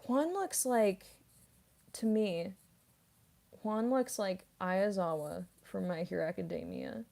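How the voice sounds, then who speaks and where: A woman in her mid-twenties chatting casually on a livestream, soft-spoken and rambling, with lots of fillers and little giggles. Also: mid-range voice, slow pace, vocal fry. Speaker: voice actress streamer. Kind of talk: casual livestream chat reading comments.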